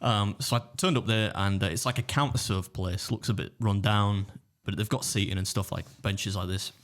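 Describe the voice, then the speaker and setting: A man's voice: fairly low pitch, normal speed, fairly bright tone. An English man telling a rambling story in a casual podcast chat, with frequent restarts. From England. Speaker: guest, food challenge YouTuber.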